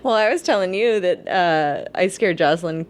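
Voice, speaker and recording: A woman's voice: lowish voice, expressive, moderate pace, a little hiss or hum. A woman co-hosting a podcast in casual chat, giggling often as she talks. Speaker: podcast co-host.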